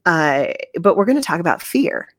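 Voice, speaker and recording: A woman's voice: on the low side, sing-song, normal speed, dry recording, clean studio sound. Chatty woman cohost, lots of ups and downs in her voice, laughs at herself. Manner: chatty, self-deprecating, laughs often. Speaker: podcast co-host. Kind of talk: casual podcast chat.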